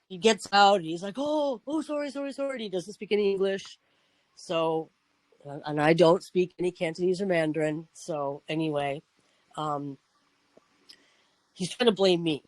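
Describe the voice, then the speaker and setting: A man's voice: on the high side, steady tone, a little slow, pauses often, no echo, rough recording. A man hosting a talk show, telling a personal story in a rambling, casual way with frequent restarts and swearing. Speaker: podcast host.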